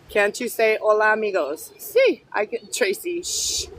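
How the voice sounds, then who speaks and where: A woman's voice: mid-range voice, rough recording. A woman chatting casually on a phone live stream, reading comments aloud, blunt and feisty, dropping in Spanish words while she walks her dogs outdoors. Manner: blunt, feisty, quick to snap back at commenters.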